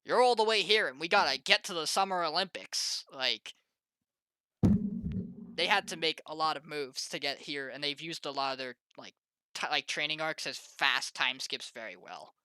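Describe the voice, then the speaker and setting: Young male host, easygoing, crisp and dry. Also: on the high side, moderate pace, sharp tone, no room sound. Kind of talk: casual chat.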